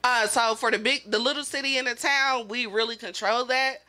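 Woman, podcast host, bright and a bit high, casual slang, quick to laugh. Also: steady tone. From Kansas City area. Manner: loose, slangy, laughs often.

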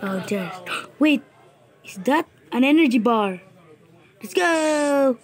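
A woman giving playful live commentary while gaming, chatty and joking, who bursts into panicked shouting. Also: high voice, lively intonation, slow pace, rough recording. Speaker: gamer.

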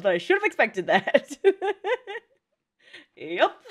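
A young woman chatting casually as she reacts to an anime movie, emotional and slangy, quick to laugh and tear up. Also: high voice, sing-song.

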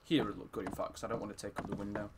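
A young man giving casual, excitable gameplay commentary, swearing often and shouting when surprised. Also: fairly low pitch, rapid-fire, heavy background noise. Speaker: gaming YouTuber.

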